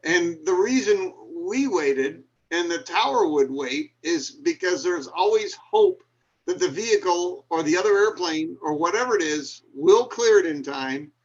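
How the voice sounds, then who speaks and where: A man who co-hosts a live talk show tells stories from his years as a pilot with a wry, lively manner. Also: high voice, unhurried. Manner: animated, wry storyteller. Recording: muffled lo-fi call audio.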